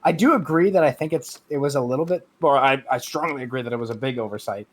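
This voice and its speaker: A man's voice: mid-range voice, quick pace. A man, a guest streamer in a casual gaming chat, who rambles with many restarts and fillers.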